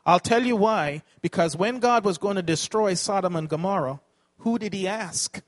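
A man's voice: high-pitched, moderate pace. A man preaching a sermon, asking the congregation questions and correcting himself as he teaches.

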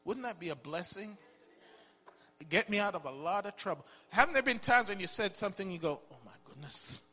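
A man's voice: sits high, lively intonation, fairly quick, bright, forceful tone. A man preaching a sermon in a conversational way, asking rhetorical questions and often repeating words as he goes. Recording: long hall reverb.

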